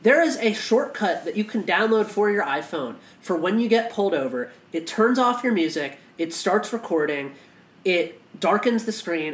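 A man's voice: on the high side, fairly bright tone. Impassioned, cursing man in an echoey room. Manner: impassioned and profane, with frequent restarts. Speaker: podcast co-host. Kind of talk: casual podcast conversation.

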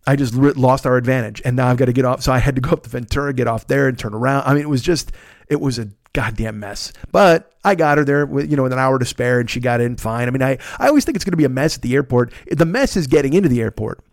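A man's voice: medium pitch, fast talker, no room sound, studio quality. A middle-aged man hosting a podcast, telling a long rambling story in a casual, profane, self-deprecating way while worn out from being sick. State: worn out and recovering from illness. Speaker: podcast host.

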